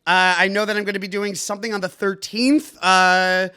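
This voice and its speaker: A young man hosts a comedy news podcast, his voice sitting high and ringing bright. He riffs fast and sarcastically and slips into a punchy mock-announcer delivery. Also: level tone, clean tone. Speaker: comedy news show host.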